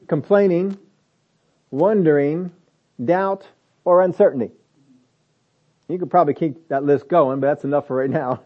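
A man's voice: a little high, a little slow, long pauses. Emphatic preaching man, lo-fi. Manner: conversational, rising to emphatic lists. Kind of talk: sermon.

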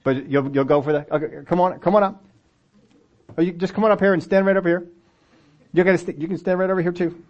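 A man preaching a conversational sermon to a church congregation with children present. His voice sits a little high for a man, and he slips into short acted voices for the story's people. The recording sounds dull and lo-fi. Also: steady tone, quick pace, long pauses. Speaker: pastor.

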